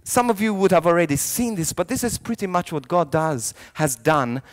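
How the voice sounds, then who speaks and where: A priest telling a story in a youth sermon, swinging from soft lines to loud ones and often restarting his words. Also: on the high side, normal speed. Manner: animated storyteller, jumping between hushed lines and loud shouted quotes; frequent restarts and repeated words.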